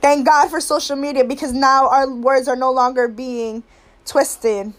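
Young woman, high voice, impassioned monologue, raw and outspoken. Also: steady tone, a little slow. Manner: blunt, heated and profane, swinging between anger and weary sorrow.

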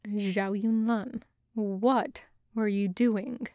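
A woman voicing a gentle, guilt-ridden male alien captor in a hushed, quiet voice for an audio story. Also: mid-range voice, steady tone, very slow, no room sound. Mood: worried. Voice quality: soft, hushed. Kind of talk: podfic voice acting.

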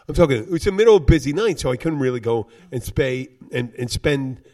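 A man's voice: mid-range voice, lively intonation, normal speed, darkish tone, recorded from a distance. A man from Philadelphia tells a crude bar story with plenty of swearing. His voice sits in an ordinary middle register. It sounds a little set back from the microphone. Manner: brash, profane storytelling. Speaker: podcast host and bartender. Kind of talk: casual chat.

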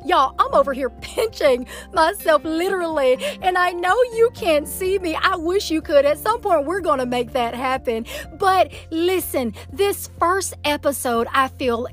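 A woman's voice: high voice, a bit bright. A woman from Georgia with a Southern accent, hosting an inspirational prayer podcast, emphatic and encouraging, with lots of "y'all" and "come on.". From Atlanta, Georgia. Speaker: podcast host.

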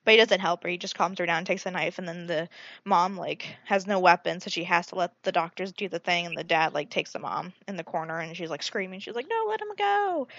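A young woman with a bright, sharp voice retells a movie in casual chat, slipping into the characters' lines with lots of filler words and cursing. The sound is dry and close, slightly muffled and lo-fi. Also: on the low side, fairly quick, dry recording. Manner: animated, swearing, frequent "like" fillers.

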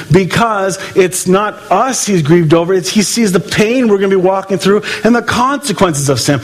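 A man preaching a sermon in an animated way, acting out quoted voices and swinging between loud and hushed delivery. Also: high-pitched, husky. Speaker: pastor.

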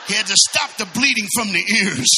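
A man preaching a sermon in an animated way, breaking into shouts and laughing asides, recorded in a church. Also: high-pitched, a little fast, a little hiss or hum. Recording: reverberant church sanctuary sound.

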